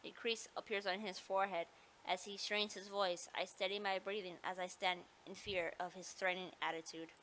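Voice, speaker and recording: A woman's voice: medium pitch, little pitch movement, moderate pace, fairly bright tone, a little hiss or hum. A woman playing a visual novel, reading the story aloud and breaking off with apologetic, joking asides. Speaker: video game player.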